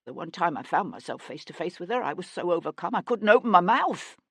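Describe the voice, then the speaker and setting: A spoiled young man stammers his denials in a high, shaky voice, as a woman narrator plays him. His pitch jumps all over the place, and the sound is dry and close. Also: very animated, quick pace, a bit bright, breathy edge, dry recording, full character voice. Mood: frightened. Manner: high, shaky, panicky protests. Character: frightened weak-chinned young man.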